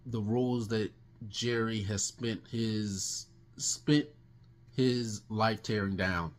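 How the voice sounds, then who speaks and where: A man with a fairly low voice talks through his monthly movie reviews in a loose, unscripted way. He restarts sentences often and leans on fillers as he gives his star ratings. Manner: rambling, many restarts and fillers. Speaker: film reviewer.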